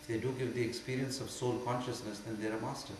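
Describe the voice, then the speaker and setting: An older man with an Indian accent gives a spiritual Q&A talk, emphatic and often mocking. His voice sits at a middle pitch. It rings through a very echoey hall over a faint mains hum. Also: flat delivery, quick pace. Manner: emphatic, swings from quiet to loud and mocking. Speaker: spiritual teacher.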